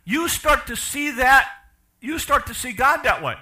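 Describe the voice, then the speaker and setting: An older man preaching a sermon, asking the congregation questions and swinging from loud to quiet. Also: very high voice, animated, a little slow. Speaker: pastor.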